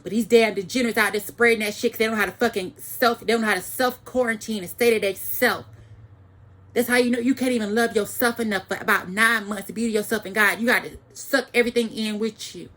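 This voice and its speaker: A woman's voice: a little high, steady tone, quick pace, a bit bright. A woman giving an angry, profane ranting monologue to the camera, repeating phrases for emphasis.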